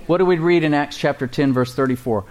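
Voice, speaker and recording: A pastor preaching a sermon to his congregation, calling for responses and slowing down to read scripture aloud. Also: fairly high pitch, a little mellow.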